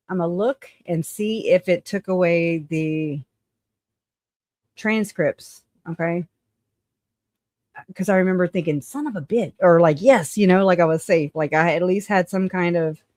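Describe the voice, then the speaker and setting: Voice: mid-range voice, unhurried, pauses often, a little mellow, dry recording. A live-stream host in casual, profane commentary, chatting and thinking aloud while searching through notes.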